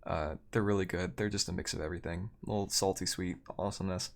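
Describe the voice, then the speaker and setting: A man's voice: low-pitched, steady tone, fast talker, vocal fry. Rambling, chuckling male streamer. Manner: rambling, self-correcting, laughs between lines. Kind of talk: casual storytelling while gaming.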